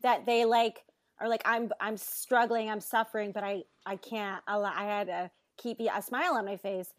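A woman's voice: medium pitch, fairly even intonation, normal speed. A woman in her thirties, a mother, chatting supportively and laughing easily in casual conversation. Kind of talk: casual chat.

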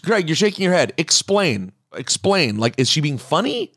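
Opinionated man, fairly high voice. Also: quick pace, breathy edge. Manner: blunt, opinionated, animated with emphatic repeats. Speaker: podcast co-host. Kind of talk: casual wrestling chat.

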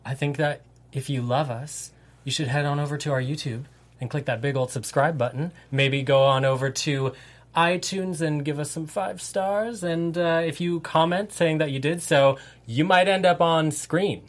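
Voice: mid-range voice, fairly even intonation, moderate pace. A co-host of a TV recap show, chatting casually, thanking viewers and plugging the channel. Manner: friendly, plugs the channel and greets viewers.

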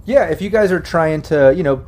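A man's voice: fairly high pitch, lively intonation, fairly quick, darkish tone. A man running a tabletop role-playing game as game master, talking casually and swearing freely. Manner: casual, profane, acts out the captive in a raised voice.

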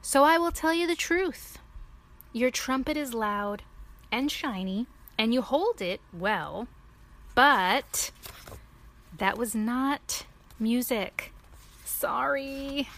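A woman's voice: fairly high pitch, lively intonation, takes it slowly, long pauses, a bit bright, heavily acted. Woman doing a fretful earnest elephant. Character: anxious earnest male elephant. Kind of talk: reading a picture book aloud.

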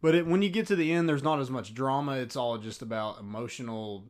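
A man co-hosting a casual chat, relaxed and laughing, his voice often trailing off quietly. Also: mid-range voice, a little fast. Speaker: podcast co-host.

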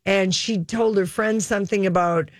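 A woman's voice: medium pitch, fairly even intonation, normal speed, no echo, studio quality. A woman co-hosting a casual entertainment chat show, talking in a chatty way and often restarting her sentences. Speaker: co-host.

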